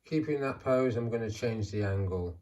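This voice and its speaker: A middle-aged man calmly narrating a vlog as he poses action figures, talking half to himself. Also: lowish voice. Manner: calm, unhurried, talking to himself. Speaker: toy figure channel host. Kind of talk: casual vlog narration while posing figures.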